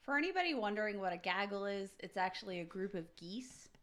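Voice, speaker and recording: A woman's voice: mid-range voice, lively intonation, fast, a bit bright. A woman co-hosting a casual sports podcast who drifts into jokey, rambling tangents. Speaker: podcast co-host.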